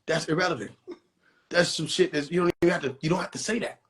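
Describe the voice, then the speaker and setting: A man's voice: fairly high pitch, fast. A man hosting a phone livestream, mocking people in a profane comedic rant. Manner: animated, mocking, swears constantly. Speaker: livestream host.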